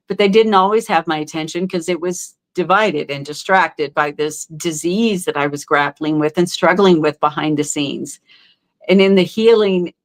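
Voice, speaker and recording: A middle-aged woman telling her own story as a podcast guest, heartfelt and halting, with many fillers and restarts. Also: lowish voice. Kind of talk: candid interview storytelling.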